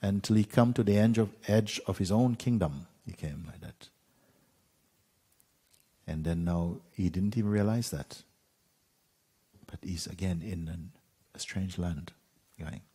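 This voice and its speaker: Husky low-voiced man telling a story. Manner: unhurried, with pauses and soft fillers. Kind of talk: gentle spoken storytelling.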